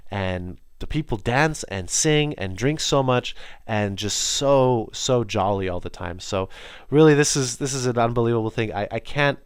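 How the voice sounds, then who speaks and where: A man's voice: medium pitch, lively intonation, normal speed, smooth, no room sound, studio quality. A young man hosting a podcast, talking alone in a casual, enthusiastic, rambling way with many restarts. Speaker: podcast host. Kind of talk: casual solo monologue.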